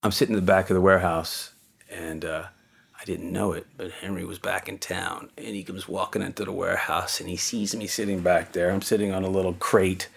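An older man, interviewed about his career in the music business, casually recounts his past, rambling a bit with fillers and restarts. His voice is low, fairly even in intonation, a little fast, creaky, and edged with breath.

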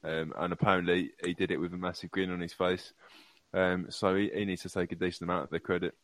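A man's voice: low voice, little pitch movement, fast talker, a bit bright. A man chatting as a guest on a fan podcast, hesitant with many ums. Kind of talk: casual fan podcast chat.

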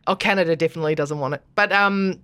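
An Australian woman hosting a podcast in casual chat, bubbly and gushing, quick to laugh. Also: sits low, fairly bright tone, smooth, dry recording. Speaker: podcast host.

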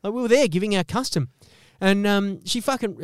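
An Australian man hosting a podcast, delivering a profane, animated comedic rant and swearing constantly. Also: sits high, a little fast, clear, resonant tone, dry recording, clean studio sound. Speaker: podcast host.

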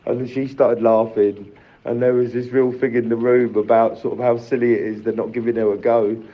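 A man's voice: mid-range voice, little pitch movement, a little fast, muffled recording. A man who cares for his mother, telling an emotional story in a voice note. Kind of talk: sent-in voice note.

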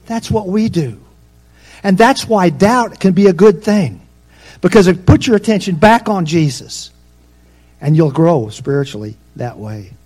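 Conversational preacher man, slightly high voice. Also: darkish tone. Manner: conversational storytelling with asides to the congregation; rises in pitch and force for emphasis. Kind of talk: sermon.

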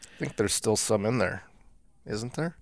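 A male podcast co-host with a fairly low voice who trades wry, teasing jokes in a relaxed chat. The recording is dry and close to the mic. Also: a little slow, vocal fry, dry recording. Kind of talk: casual chat.

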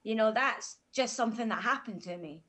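A woman speaks in a fairly high voice as she tells a podcast host her story. Her manner is frank, calm and matter-of-fact. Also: fairly quick. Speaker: podcast guest. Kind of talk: candid personal storytelling.

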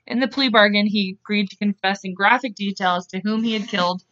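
A woman's voice: mid-range voice, fast talker, a bit bright, dry recording. A woman co-hosting a podcast, narrating a true-crime case casually from her notes, stumbling over words and laughing at herself. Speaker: podcast co-host. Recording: dull lo-fi dry sound.

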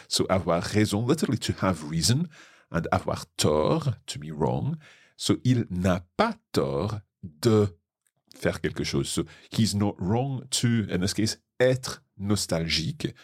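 A French teacher and podcast host with a Scottish accent leads a language lesson, patiently explaining a text line by line. His low, husky voice comes through a dry, studio-quality recording.

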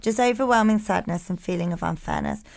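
A woman's voice: lowish voice, a little fast, creaky, a little mellow. A woman co-hosting a podcast, blunt and swearing freely in casual chat and while reading listener emails. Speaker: podcast co-host.

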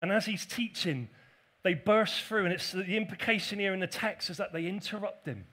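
A pastor preaching a sermon to a church congregation, telling the story with playful asides. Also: male voice, sits high, normal speed, pushed and bright.

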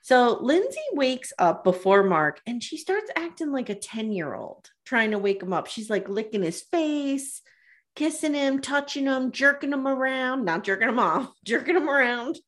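A woman's voice: high-pitched, animated, normal speed. A woman co-hosting a podcast, retelling reality TV scenes in casual chat and laughing often. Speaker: podcast co-host.

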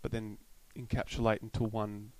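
A man, co-hosting an educational podcast, explaining in an earnest, halting way. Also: on the low side, monotone, darkish tone, no echo, poor audio. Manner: earnest, hesitant explaining with fillers. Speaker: podcast co-host. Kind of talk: casual educational chat.

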